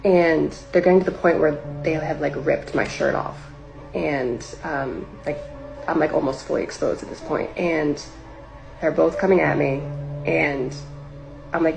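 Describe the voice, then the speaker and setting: A woman recounts a story in a relaxed, rambling livestream style, filling her sentences with "like" and replaying what she said back then. Her voice sits a little low and has a gravelly fry. Faint music plays behind her. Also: measured pace, low-quality recording. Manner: rambling, heavy use of filler "like", acts out her own past lines. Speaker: singer telling a personal story.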